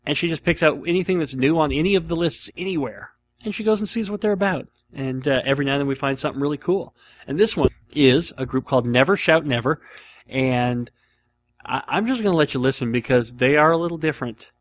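A man's voice: mid-range voice, a little fast. A man hosting a casual radio-style show, talking in a rambling, self-deprecating way with frequent restarts. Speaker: host.

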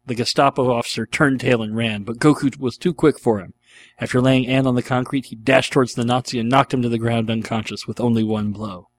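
A man's voice: medium pitch, steady tone, a little fast, no echo. A man reading a dramatic fan fiction aloud in an earnest, storytelling manner. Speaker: narrator.

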